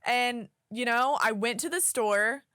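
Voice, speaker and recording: A young woman from Oklahoma co-hosting a podcast, telling a story in casual chat. She is an animated storyteller who swears casually. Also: a little high, measured pace, smooth, no echo, studio quality. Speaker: podcast co-host.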